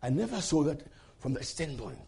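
A man preaching a sermon with passion, swinging from shouted peaks to hushed low passages and calling out questions to the congregation. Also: big pitch swings, normal speed, creaky, breathy edge.

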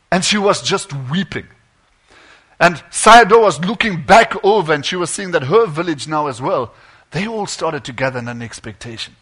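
High, bright-voiced male storyteller. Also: slightly rough. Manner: dramatic, drops to a hush then swells. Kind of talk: dramatic sermon storytelling.

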